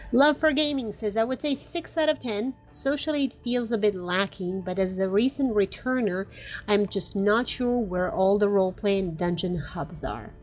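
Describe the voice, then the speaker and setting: A woman's voice: medium pitch, moderate pace. A woman hosting a casual podcast, reading out listener comments with frequent giggles. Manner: giggly, apologetic about names. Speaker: podcast host.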